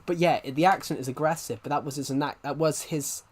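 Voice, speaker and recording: Here a man in his twenties speaks in a somewhat high voice at normal speed. He's playing games on a live stream, chatting casually, wandering off topic and restarting sentences.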